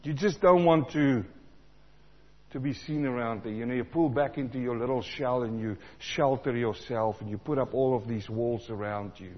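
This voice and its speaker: A man from South Africa preaching a sermon, animated, repeating lines for emphasis and acting out the voices he quotes. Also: mid-range voice, moderate pace. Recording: dull sound in a large reverberant hall.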